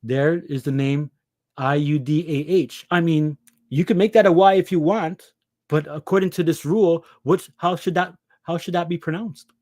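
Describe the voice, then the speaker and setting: A man's voice: on the high side, normal speed, a little mellow, dry recording, clean studio sound. A man preaching an impassioned scripture lesson, pressing his listeners with rhetorical questions. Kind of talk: impassioned religious teaching.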